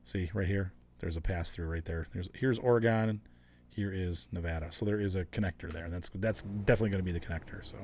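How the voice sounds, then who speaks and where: A man's voice: low-pitched, fast talker, a little mellow, a little hiss or hum. Chatty man chatting through a truck game. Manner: chatty, chuckling, talks to chat viewers. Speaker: gaming livestream host. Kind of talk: casual livestream chat while playing.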